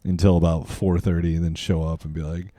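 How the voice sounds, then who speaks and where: A man's voice: sits low, little pitch movement, fairly quick, mellow, dry recording, studio quality. A young man co-hosting a casual late-night podcast, rambling through stories, swearing and acting out quotes. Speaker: podcast co-host.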